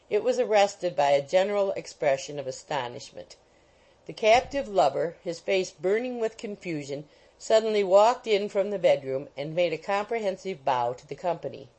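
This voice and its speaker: A woman reads a classic novel aloud for an audiobook. She keeps a middling pitch and a measured, expressive pace. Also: low-quality recording. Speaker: audiobook narrator. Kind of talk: scripted narration of a classic novel.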